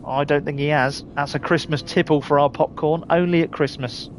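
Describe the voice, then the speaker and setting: A man's voice: on the high side, fairly even intonation, normal speed, a little hiss or hum. A middle-aged man with a Surrey accent, chatting casually to viewers while live-streaming a game, reading out their names and laughing often. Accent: Surrey English. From England.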